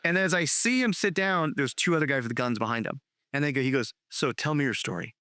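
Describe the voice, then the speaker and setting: A middle-aged man hosting a podcast, telling long stories in a loose, profane, animated way with many restarts. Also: fairly high pitch, fast talker, clean tone, dry recording. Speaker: podcast host, filmmaker. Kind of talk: casual storytelling chat.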